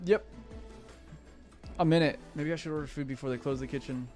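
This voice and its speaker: A man co-commentating a pool match in relaxed, joking banter. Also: a little high, fairly quick, faint music behind. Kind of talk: casual live commentary.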